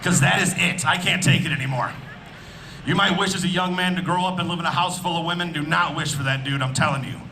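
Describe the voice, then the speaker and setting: A man from Indiana works an outdoor festival crowd with a stand-up set, his voice pitched high and bright with a forceful edge. He talks loud and animated, throwing some punchlines out as shouts into a handheld stage mic. Faint outdoor ambience sits behind him. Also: quick pace, a little hiss or hum, poor audio. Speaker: stand-up comedian.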